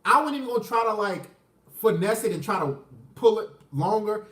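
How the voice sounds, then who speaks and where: A man's voice: high voice, expressive, brisk, a bit bright, roomy sound, recorded from a distance. A man casually telling a personal story, profane and boastful, rambling with many restarts.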